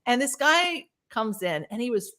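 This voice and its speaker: A woman guest speaker in a webinar, earnest and energetic, telling anecdotes in a conversational way. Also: a little high, moderate pace. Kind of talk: conversational storytelling.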